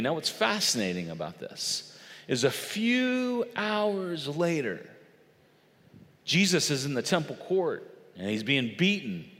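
A male pastor preaching an animated storytelling sermon, emphatic and dramatic. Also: on the high side, long reverb tail. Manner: animated, emphatic, acts out quotes.

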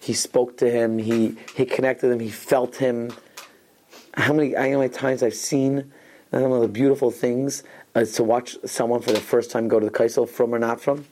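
A man's voice: medium pitch, little pitch movement, normal speed, dark tone. A man teaching an informal Torah class to students, telling rambling stories sprinkled with Hebrew and Yiddish terms, often restarting his sentences. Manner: frequent restarts and asides.

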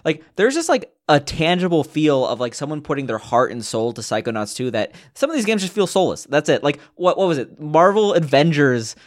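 A young man co-hosting a casual gaming podcast, talking in an animated, rambling way with many restarts and fillers. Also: fairly high pitch, fairly quick, few pauses. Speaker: podcast co-host. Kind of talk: casual chat.

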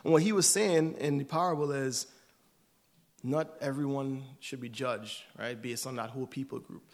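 A man's voice: medium pitch, normal speed. A man giving a sermon in a conversational way, often checking in with "right?". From United States. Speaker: church speaker.

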